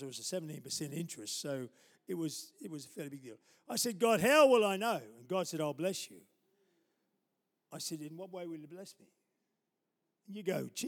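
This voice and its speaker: A male pastor with a voice pitched a little high delivers a sermon, mixing humorous personal anecdotes and little laughs with surges of loud, emphatic preaching. His words ring out with a long tail of reverb from a large church hall. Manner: storytelling with chuckles, building to loud emphatic preaching.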